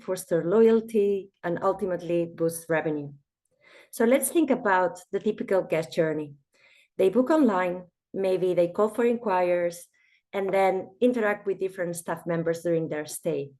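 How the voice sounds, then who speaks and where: A woman with a croaky voice from a cold, giving a webinar presentation and speaking directly to her listeners. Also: fairly low pitch, a little mellow. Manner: storytelling, addresses listeners directly.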